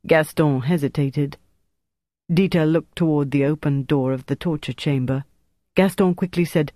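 An audiobook narrator reads a tense thriller in a steady, measured voice of middling pitch. The sound is dry and close, with no room echo.

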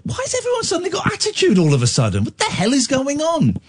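A man's voice: very high-pitched, huge pitch swings, fast. A man hosting a late-night radio phone-in, teasing and arguing with his callers.

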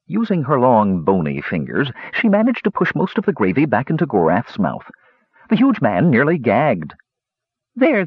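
Man narrating with wildly lively pitch. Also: slightly rough, no echo. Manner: expressive storybook reading. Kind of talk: audiobook narration. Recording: dull lo-fi recording.

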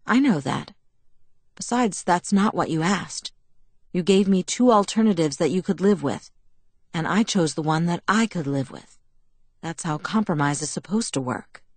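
A woman voicing a composed, patient young man in a storybook reading, speaking softly and calmly. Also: on the low side, normal speed, slightly rough, no echo. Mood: gentle. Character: composed young male vampire, gentle and patient.

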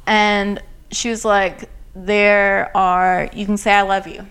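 A woman's voice: mid-range voice, flat delivery, takes it slowly, fairly bright tone, clean tone. Blunt podcast co-host, woman, casual and irritated, salty language. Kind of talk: casual chat recapping a TV show.

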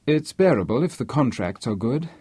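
A soft-spoken young model, gentle and a little weary, as a man reads her lines. The voice is husky and the recording is close and dry. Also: medium pitch, big pitch swings, moderate pace, dry recording. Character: gentle young woman model, tired but polite.

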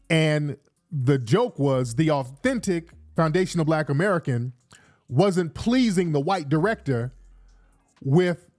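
Animated man hosting a podcast. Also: on the high side, a little slow. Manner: animated, streetwise slang, repeats himself. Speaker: podcast host. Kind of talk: casual commentary.

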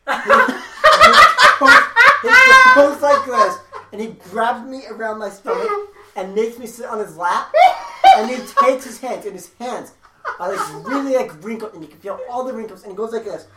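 A young man telling a story among friends in casual chat, animated and laughing as he talks. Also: sits high, a little fast. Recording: roomy, distant mic, crowd noise.

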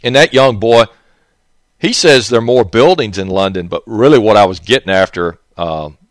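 A man's voice: medium pitch, dry recording, clean studio sound. A man hosting a radio talk show, rambling in a folksy way and chuckling to himself between thoughts.

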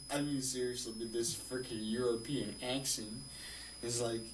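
Drunk man, finnish accent, slurred rambling, slow, roomy off-mic sound with guitar music. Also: medium pitch, steady tone, far from the mic, noisy background. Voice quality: slurred, rambling, heavy swearing. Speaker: livestreamer playing guitar. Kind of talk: casual drunken stream chat.

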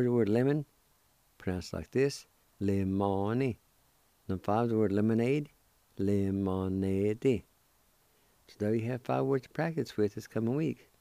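A male radio host giving a vocabulary lesson, spelling and repeating each word deliberately. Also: lowish voice, vocal fry, mellow, no echo. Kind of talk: slow spoken language lesson.

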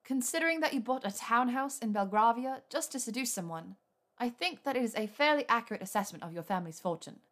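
A woman voicing a clever young witch who speaks crisply and primly. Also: mid-range voice, a little slow, natural voice. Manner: crisp, prim and saucy.

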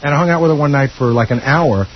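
A man's voice: fairly high pitch, quick pace, a little hiss or hum. A man on a radio show chatting casually, gossipy and matter-of-fact. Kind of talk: casual chat. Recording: dull radio broadcast sound.

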